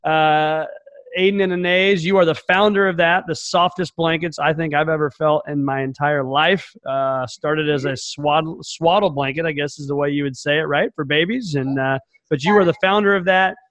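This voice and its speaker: A man's voice: a little high, steady tone, moderate pace, fairly bright tone, no echo. A man with a Southern American accent hosting a podcast, chatty and friendly, with lots of "uh" fillers. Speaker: podcast host. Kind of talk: casual interview conversation.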